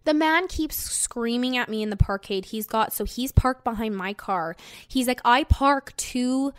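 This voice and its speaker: A woman's voice: on the high side, animated, moderate pace, no echo, clean studio sound. A young woman, a podcast host telling a story in casual chat, swearing freely and filling it with "like". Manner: chatty, swears freely, fillers of "like".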